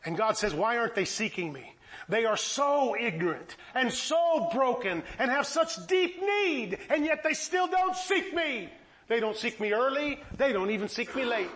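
A man's voice: high-pitched, fairly bright tone. A man preaching a sermon, impassioned and pleading, firing off rhetorical questions.

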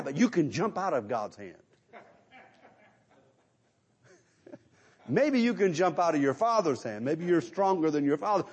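A middle-aged male preacher delivers a sermon with a high, strongly rising and falling voice. He drives his points home emphatically and keeps asking his listeners questions. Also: slightly rough. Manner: emphatic, asks the congregation rhetorical questions.

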